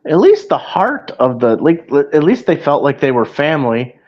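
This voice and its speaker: Male co-host, animated but halting delivery, dull lo-fi remote audio. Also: on the high side. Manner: halting, trails off mid-sentence. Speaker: podcast co-host. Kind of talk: casual chat.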